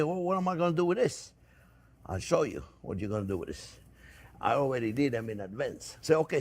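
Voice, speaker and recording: Chatty man demonstrating a recipe. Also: fairly high pitch. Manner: chatty, addresses viewers as friends, repeats himself. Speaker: cooking show host. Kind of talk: home cooking demonstration.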